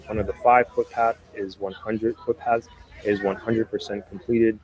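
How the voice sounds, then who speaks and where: A man with a low, fairly flat voice hosts a live stream from outdoors near a beach. He reads news articles aloud and keeps breaking off for relaxed, chatty asides to his viewers. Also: normal speed, low-quality recording.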